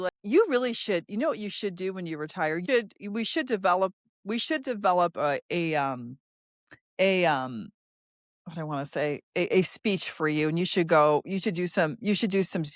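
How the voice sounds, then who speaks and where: A woman in her forties hosting an interview, chatty and animated, retelling shared work stories with frequent fillers. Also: mid-range voice, no room sound, studio quality. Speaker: podcast host. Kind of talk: casual conversational interview.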